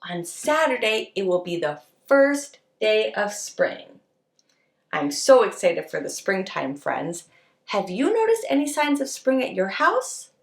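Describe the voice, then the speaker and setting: A woman leading a preschool circle time lesson, talking to young children in a slow, sing-song, encouraging way. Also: medium pitch, big pitch swings, gravelly, reverberant. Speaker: preschool teacher.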